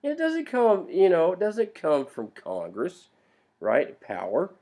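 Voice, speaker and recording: Man, history teacher, lively classroom lecture, playful slang, voice on the high side. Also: unhurried. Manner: animated, playful, slangy asides to students.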